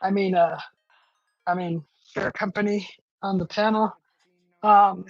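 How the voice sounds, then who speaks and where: A chatty woman hosting a livestream from home, reading out viewer comments and rambling with plenty of "uh" fillers. Her voice sits in a middle pitch, and the sound is dry and a little dull and lo-fi. Faint music plays under her talk. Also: fairly even intonation, unhurried, long pauses, dry recording. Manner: chatty, rambling, many "uh" fillers, laughs often. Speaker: livestream host.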